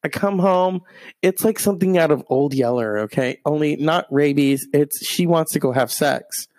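A young man spins a rambling comic story, his voice gravelly with a rough edge of fry. He meanders and interrupts himself, slipping in wry asides as he goes. The sound is dry and close, with no room echo. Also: fairly high pitch, moderate pace, a little mellow. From half Mexican.

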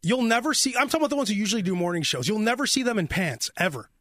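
A man's voice: high voice, animated, very fast, fairly bright tone, no echo. A man hosting a radio morning show, rambling and joking in casual on-air banter. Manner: rambling, joking, self-interrupting. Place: radio studio. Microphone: studio microphone.

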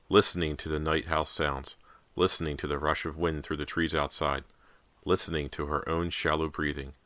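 Deep-voiced man narrating a horror audiobook. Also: bright, forceful tone, dry recording. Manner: measured, suspenseful reading.

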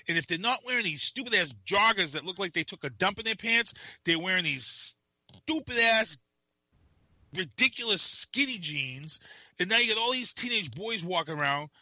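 A man's voice: sits high, bright, forceful tone, no room sound. A man co-hosting a casual podcast, ranting and swearing and laughing between points. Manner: ranting, profane, quick to laugh. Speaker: podcast co-host. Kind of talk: casual radio chat.

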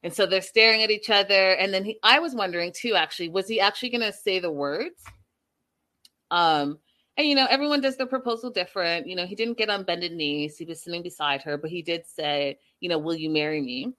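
A woman's voice: mid-range voice, fairly quick, sharp tone. A woman hosting a casual, gossipy recap show, chatty and a little petty as she talks to her viewers. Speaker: reality show recap host. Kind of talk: casual chat.

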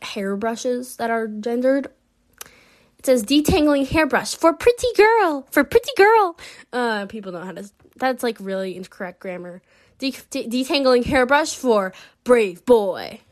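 Slow, incredulous young woman vlogging. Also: fairly high pitch. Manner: rambling, incredulous, laughs often, many fillers. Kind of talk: casual unscripted commentary.

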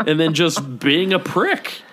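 A man co-hosting a casual podcast chat, telling a story with lively, animated delivery and acting out what people said. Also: takes it slowly. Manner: animated storytelling, acting out quoted lines with big pitch jumps. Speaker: podcast co-host. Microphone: podcast microphone.

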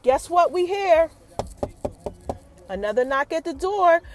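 A woman hosting a casual TV episode recap, telling the story with lively energy and talking straight to her listeners. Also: extremely high pitch, takes it slowly, a little hiss or hum. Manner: animated storytelling, acts out characters' quotes, addresses listeners as y'all. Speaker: TV recap host.

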